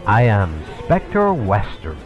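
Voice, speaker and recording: An actor playing an odd wordplaying man who rambles in a radio play, with a lively singsong delivery. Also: on the low side, slow, exaggerated voice. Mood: puzzling. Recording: dull lo-fi sound with music.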